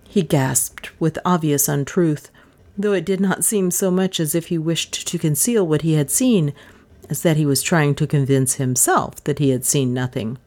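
A woman's voice: deep voice, moderate pace, darkish tone. A woman narrating an audiobook with dramatic, suspenseful expression.

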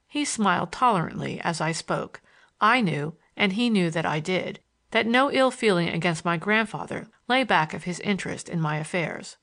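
A woman narrating a first-person novel in a measured, even reading. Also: fairly low pitch. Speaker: audiobook narrator.

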